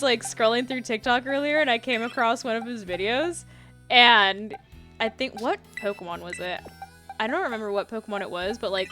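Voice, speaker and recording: A young woman in her twenties, chatting casually and sarcastically with her live-stream viewers while she plays, often giggling. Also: mid-range voice. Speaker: game streamer reading chat. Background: house beats playing under the voice.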